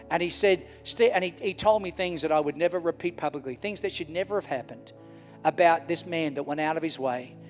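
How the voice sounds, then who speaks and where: Middle-aged male pastor with a high voice and passionate, repetitive sermon delivery, church hall reverb. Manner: impassioned preaching with repeated phrases. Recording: echoey hall with faint music.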